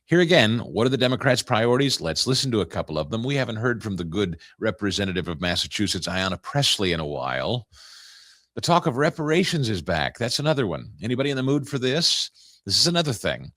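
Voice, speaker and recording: Male talk host, low and punchy, dry close sound, sarcastic commentator. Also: very animated, quick pace, fairly bright tone, dry recording. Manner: sarcastic, incredulous. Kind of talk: political commentary.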